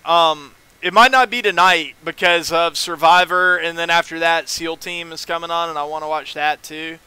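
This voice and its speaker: A man's voice: fairly high pitch, steady tone, moderate pace, bright, forceful tone, clear, resonant tone. A man streaming a video game, chatting casually and rambling to his viewers. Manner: rambling, chatty, reads chat aloud. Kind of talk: casual gaming stream chat.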